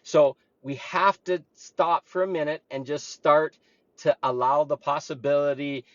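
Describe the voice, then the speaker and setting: A man's voice: a little high, fairly even intonation, unhurried, no echo. A man speaking earnestly and with emphasis, coaching listeners in a reflective spiritual monologue. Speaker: spiritual talk host. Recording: dull, lo-fi dry recording.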